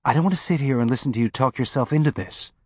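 A man doing a calm, steady woman, slightly higher. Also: slightly rough, no room sound, studio quality, natural voice. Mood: firm. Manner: calm, measured, gently firm.

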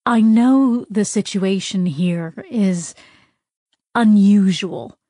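A woman's voice: medium pitch, extremely slow, mellow, dry recording, studio quality. A woman voicing an apologetic, diplomatic adult woman who chooses her words carefully. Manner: careful, apologetic, eager to please.

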